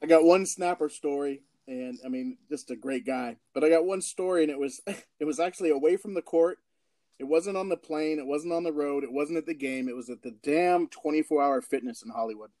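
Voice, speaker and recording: A man from Portland hosting a casual interview, telling animated stories and laughing often. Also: a little high, a little fast, no room sound. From Portland, Oregon. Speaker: host.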